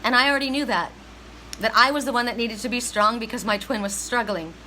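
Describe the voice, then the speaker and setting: A woman's voice: a little high, brisk, pushed and bright, slight background noise, rough recording. A middle-aged woman giving a heartfelt, emphatic spiritual reading to viewers on a live stream. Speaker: psychic reader.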